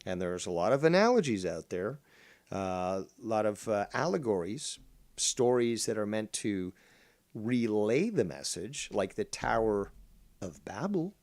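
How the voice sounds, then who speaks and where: Brief: middle-aged male host, lowish voice, flat droning monotone, blunt and profane, never shouts. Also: a little slow. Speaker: show host. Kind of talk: casual call-in show chat.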